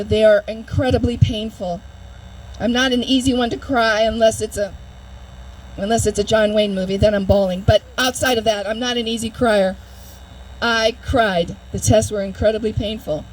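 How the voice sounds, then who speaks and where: A woman's voice: on the high side, slight background noise, rough recording. A woman giving a personal testimony speech at an outdoor public event, telling her story with vivid detail and imitating beeping sounds. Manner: storytelling, imitates heart monitor beeps. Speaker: speaker at a public demonstration.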